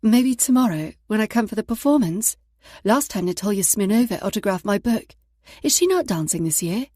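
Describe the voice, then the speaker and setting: A woman's voice: animated, normal speed, dry recording, clean studio sound, lightly acted. A woman voicing a young woman spy who gushes like a fan in a put-on British accent. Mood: gushing. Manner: bright, gushing, higher and louder.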